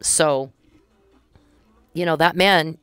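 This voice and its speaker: A middle-aged woman speaks very slowly in a deep, slightly bright, clear and resonant voice as she hosts a podcast. She chats indignantly about events, retelling her conversations with quoted dialogue, and there is no room sound.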